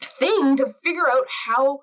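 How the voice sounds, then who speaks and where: A woman's voice: high-pitched, a little slow, a bit bright, rough recording. A woman hosting a podcast, talking casually in long, chatty run-on sentences. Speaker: podcast host.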